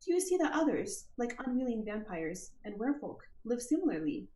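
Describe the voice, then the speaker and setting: A woman's voice: fairly high pitch, sing-song, a little fast, mellow, reverberant, poor audio. A woman putting on an accent to voice a formal, earnest young wanderer who is reading her own letter aloud. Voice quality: put-on character accent.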